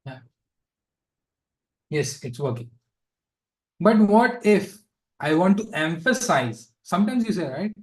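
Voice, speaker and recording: Man, coding instructor, fairly high voice, unhurried, chatty with asides. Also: sing-song, rough recording. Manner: casual, thinks aloud with fillers and asides. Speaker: programming instructor. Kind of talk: live coding lesson.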